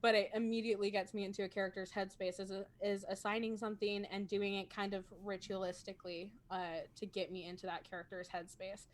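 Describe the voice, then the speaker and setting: A woman's voice: mid-range voice, little pitch movement, fast talker, hardly any pauses. A woman talking casually as a role-playing game player on a video call, chatty and self-conscious, laughing often. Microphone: home streaming microphone.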